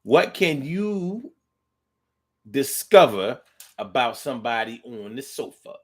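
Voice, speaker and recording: A man's voice: medium pitch, sing-song, takes it slowly. A man hosting a casual talk monologue, reading out listener comments and riffing on them in a playful, drawling way.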